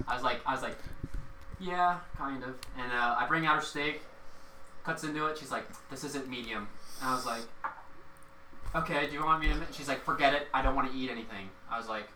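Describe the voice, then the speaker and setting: A young man chats casually, recounting a shift as a server with plenty of fillers and acted-out dialogue. His voice is bright and forward. He sits some way back from the mic in an echoey room with faint ambient noise. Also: mid-range voice, a little fast, distant mic. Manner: rambling, lots of fillers and quoted dialogue. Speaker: restaurant server. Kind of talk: casual storytelling chat.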